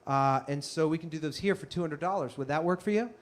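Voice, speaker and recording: A man voicing an eager male talent agent who is a smooth-talking hustler with wheedling sales patter. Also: a little high, fast, natural voice.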